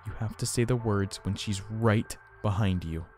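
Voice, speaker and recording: Blunt young woman friend in a horror storybook, read by a man, loud and forceful. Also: on the low side, normal speed, soft background music, natural voice. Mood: urgent.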